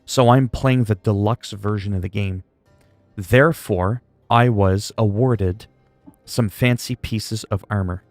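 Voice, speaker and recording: A man's voice: on the low side, a little slow, no echo, faint music behind. A man from Canada chatting casually on a gaming livestream, joking and rambling while he answers chat.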